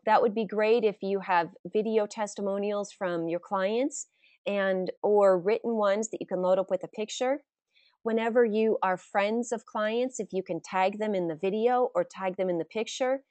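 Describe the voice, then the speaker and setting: A woman's voice: medium pitch, darkish tone, no room sound. A middle-aged woman hosting a marketing webinar, explaining in a conversational way with examples and frequent "uh" fillers. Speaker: webinar host and social media marketing coach. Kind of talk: live webinar teaching with questions. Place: webinar recording.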